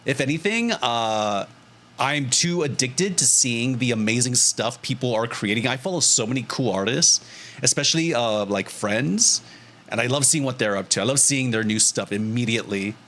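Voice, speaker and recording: A man's voice: mid-range voice, normal speed, a little hiss or hum. Chatty young man streaming live. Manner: animated, laughs often, swears casually. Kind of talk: casual livestream chat to viewers.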